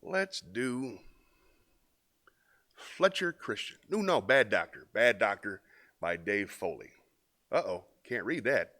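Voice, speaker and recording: A man hosting a live stream show, chatting casually in a relaxed, rambling way full of "uh" fillers. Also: lowish voice, slow, long pauses.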